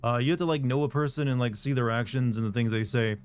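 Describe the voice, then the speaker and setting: A relaxed young man chats loosely while streaming a game, filling his thoughts with lots of "uh"s and "you know"s. His voice sits at an ordinary middle pitch. A faint hiss stays underneath. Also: fast. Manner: rambling, relaxed, frequent fillers. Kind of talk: casual live-stream chat.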